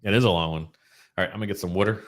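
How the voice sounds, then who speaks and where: A man's voice: low-pitched, racing. A man co-hosting a casual live show over drinks, playful and fond of trying out silly regional accents. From Florida. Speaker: podcast co-host.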